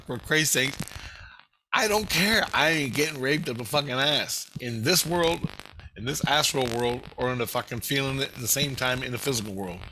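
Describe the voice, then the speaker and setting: An angry man tears through a rambling, profanity-laced monologue. His voice is bright and forceful, and his pitch sits in an ordinary middle range. He swears at nearly every turn. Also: slight background noise. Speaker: vlogger.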